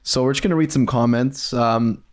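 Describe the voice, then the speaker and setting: A young man co-hosting a casual podcast, easygoing and friendly in tone. His voice sits at an ordinary male pitch. He reads comments aloud and pauses on fillers now and then. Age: young adult. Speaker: podcast co-host.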